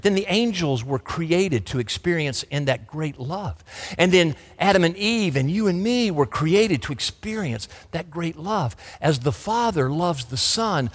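A man preaching a sermon as pastor, fervent, his delivery swinging between loud emphasis and soft, intimate asides. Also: a little high. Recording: long hall reverb.

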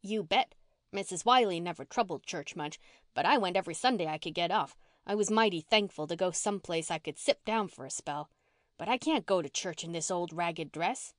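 A woman voicing a rough-spoken runaway orphan girl who talks in blunt, folksy country slang, read for a storybook. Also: lowish voice, animated, brisk, dry recording, studio quality, lightly acted.

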